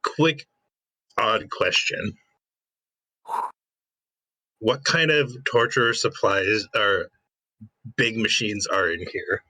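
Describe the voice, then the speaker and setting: A man playing a tabletop game, asking quick, scheming questions. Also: fairly low pitch, pushed and bright, dry recording, low-quality recording. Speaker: player. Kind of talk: casual tabletop play.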